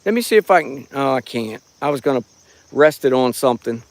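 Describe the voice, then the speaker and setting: A gravelly, animated, medium-pitched voice, fairly quick, belongs to a middle-aged man keeping a paranormal watch on a night live stream from rural land. Phone in hand, he chats folksily and rambles, greeting viewers by name, and the recording is dry.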